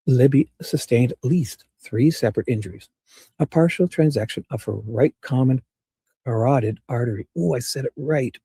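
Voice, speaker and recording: A man hosting a casual livestream, reading court documents aloud and rambling excitedly to his chat. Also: mid-range voice, slightly rough, no echo. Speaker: livestream host.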